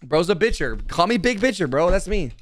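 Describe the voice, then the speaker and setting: A man's voice: high-pitched, sing-song, moderate pace, no room sound. A young man streaming casually, talking to his chat in a brash, profane, defensive way.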